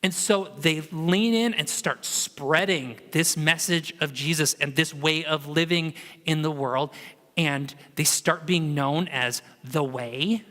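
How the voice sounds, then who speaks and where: A man's voice: a little high, slow. A man preaching a sermon in a church, in a casual, conversational storytelling manner. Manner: conversational, animated storytelling with acted quotes. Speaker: pastor. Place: church sanctuary. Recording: long hall reverb.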